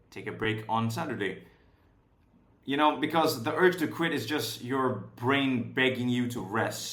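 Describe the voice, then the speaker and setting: A young man teaching an online course in a casual, high-energy, profane way, checking in with "right?" over and over. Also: a bit bright. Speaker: course instructor. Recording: roomy echo.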